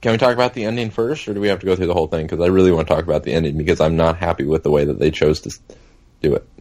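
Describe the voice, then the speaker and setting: A very deep-voiced man co-hosting a casual podcast. He grumbles and complains, stretching out words for emphasis. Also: fairly even intonation, very fast, a little mellow. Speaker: podcast co-host. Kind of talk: casual chat.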